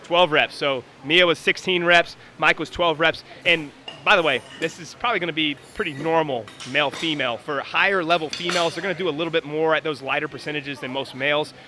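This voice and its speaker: A man's voice: on the high side, a little fast, sharp tone, a little hiss or hum. A man coaching and commenting live on a workout in a gym, explaining technique and calling out times.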